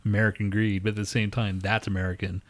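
A man's voice: lowish voice, little pitch movement, fast talker, dry recording. A man co-hosting a podcast in casual chat, crude and laughing often, with constant swearing. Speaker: podcast co-host.

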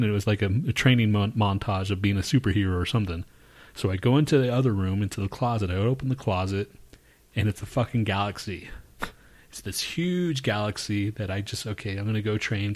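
A man co-hosting a podcast, telling a long, profane story in casual chat and bursting into shouted quotes. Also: lowish voice. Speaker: podcast co-host.

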